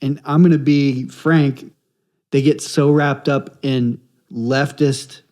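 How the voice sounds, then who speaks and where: A man's voice: mid-range voice, fairly even intonation, takes it slowly, a little mellow. A man co-hosting a political talk podcast, emphatic and repeating points to drive them home. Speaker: podcast co-host. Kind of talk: casual political chat.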